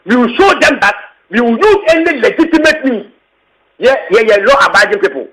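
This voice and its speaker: Speaking at an extremely high pitch with a sing-song lilt, a man talks a little fast in a fairly bright tone, captured on a low-quality recording. He has a Ghanaian English accent and, as secretary general of a tenants union, gives a passionate, emphatic interview statement full of repeated points and local phrases.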